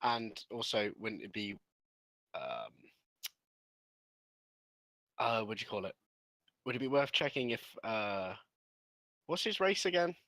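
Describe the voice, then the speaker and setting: A man's voice: fairly low pitch, sing-song, slow, pauses often, a bit bright, no echo, rough recording. A man playing in an online tabletop game, giggly and scattered, often losing his train of thought. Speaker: player. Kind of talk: casual chat during an online game.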